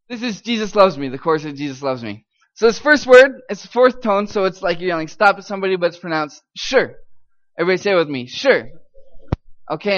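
A man's voice: high-pitched, a bit bright. A man giving an upbeat missions talk at a church gathering, leading the audience in call-and-response and cheering them on. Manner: upbeat, encouraging, coaxing the crowd to repeat. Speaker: missions speaker. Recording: slightly muffled lo-fi recording.

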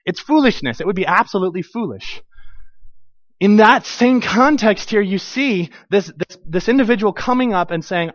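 Pastor, male, high voice, animated conversational sermon; dry, slightly dull recording. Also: a little fast, no room sound. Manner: animated, conversational preaching with acted-out asides.

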